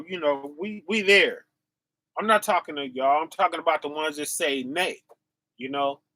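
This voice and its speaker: A man with a high, bright voice preaches slowly in on a casual livestream. He calls out to his viewers with animated energy and laughs often. The sound is dry and close. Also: no room sound.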